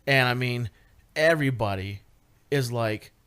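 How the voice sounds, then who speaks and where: A man guest on a radio talk show, telling a paranormal investigation story in a casual, animated way with many fillers and restarts. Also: medium pitch, measured pace, smooth. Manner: animated, lots of fillers and restarts, rising excitement.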